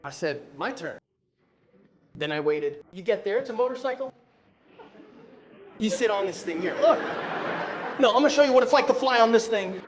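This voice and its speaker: Animated Brazilian stand-up comedian man. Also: high-pitched, noisy background. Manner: animated, bursts into shouted exclamations.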